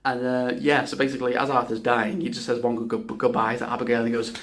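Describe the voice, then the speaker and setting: A man's voice: mid-range voice, little pitch movement, brisk, fairly bright tone. A man giving a casual spoken video game review, rambling and enthusiastic, often restarting his sentences and swearing.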